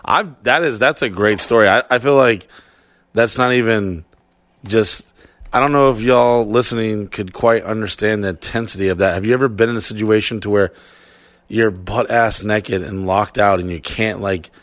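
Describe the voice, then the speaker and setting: A man's voice: fairly low pitch, normal speed, a bit bright, dry recording. Joking man's dry close voice. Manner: crude joking, riffs in put-on voices. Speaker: podcast co-host. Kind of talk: casual chat.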